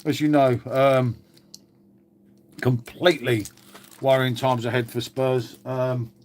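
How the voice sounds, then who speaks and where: A man's voice: mid-range voice, level tone, slow. A man hosting a casual live chat to viewers, glum and sweary, calling everyone mate. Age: older. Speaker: channel host.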